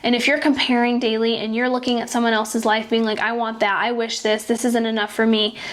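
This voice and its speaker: A young woman in her twenties speaks with a slightly high voice. She tells a personal faith story as a podcast host, chatty and earnest, with 'like' in nearly every phrase. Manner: chatty, filler-heavy, frequent 'like'; earnest and heartfelt. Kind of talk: casual faith-based storytelling.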